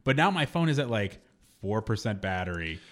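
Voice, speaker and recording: A man's voice: fairly low pitch, big pitch swings, a little fast, a bit bright. A man co-hosting a radio show, rambling and laughing through casual chat with many fillers. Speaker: co-host.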